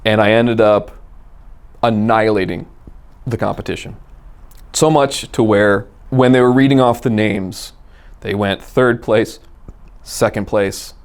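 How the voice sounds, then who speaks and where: A man telling a personal car story in a casual, animated way, acting out the dialogue. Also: lowish voice, a little slow, long pauses, smooth. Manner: animated, acts out quoted dialogue. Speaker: guest storyteller.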